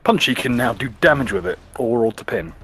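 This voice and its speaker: A man running a tabletop game as game master, calmly explaining combat rules. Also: mid-range voice, brisk, slight background noise. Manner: explains rules plainly, calm and matter-of-fact.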